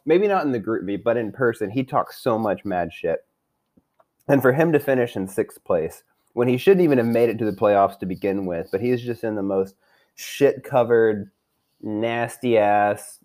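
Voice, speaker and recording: A man's voice: on the low side, darkish tone. A young man rambling through a crude, profane fantasy football season recap, trash-talking his friends while drinking. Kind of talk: profane casual rant.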